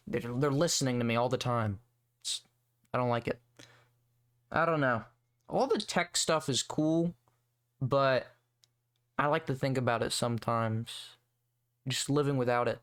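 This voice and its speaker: A man's voice: medium pitch, normal speed, pauses often. A young man hosting a solo podcast, rambling and swearing in a sarcastic, casual rant. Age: young adult. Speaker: podcast host.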